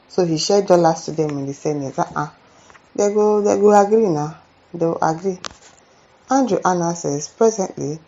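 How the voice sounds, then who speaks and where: A woman's voice: deep voice, highs cut off. A woman with a Nigerian accent hosts a commentary channel, reading viewer comments aloud and reacting with exclamations and "eh?" asides. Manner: animated, exclaims and adds asides like "eh?".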